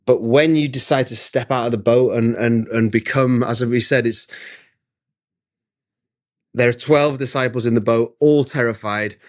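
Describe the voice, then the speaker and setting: This is a middle-aged man being interviewed over video call from his studio, relating a personal story with animated emphasis and repeated restarts. His pitch is medium and his pace moderate.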